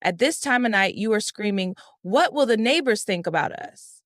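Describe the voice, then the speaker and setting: A woman's voice: medium pitch, animated, normal speed, dry recording, studio quality, close to an everyday voice. A woman voicing an angry young husband who scolds and accuses in a raised voice.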